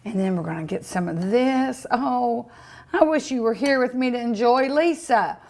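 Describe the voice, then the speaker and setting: Her voice is a little high and a little mellow, at a normal speed, as she hosts a laid-back food tasting vlog. Between bites, sometimes still chewing, she lets out delighted mmms and talks to her dog and the people watching.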